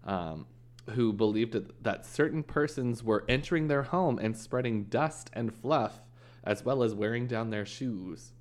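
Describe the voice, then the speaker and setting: A man's voice: medium pitch, unhurried. A man hosting a casual true-crime podcast, telling a case with jokes and acted-out quotes. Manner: joking storyteller, acts out quoted people. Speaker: podcast host.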